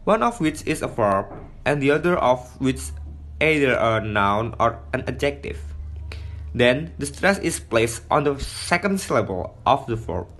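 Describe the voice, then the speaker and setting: A young man student reading a class presentation slowly, lifting his pitch on key words. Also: big pitch swings, fairly bright tone.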